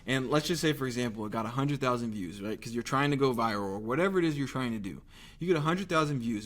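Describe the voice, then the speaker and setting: A young man talking straight to the viewer in a lively, conversational sales pitch, tossing out rhetorical questions. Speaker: marketing agency owner pitching local businesses. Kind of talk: direct-to-camera sales pitch.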